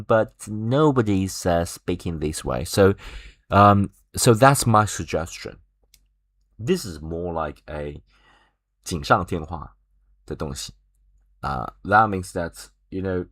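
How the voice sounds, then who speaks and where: Over dry, close audio, a deep-voiced man teaches Chinese online. He goes slowly, explaining each step, and keeps slipping fillers and "right?" into his sentences.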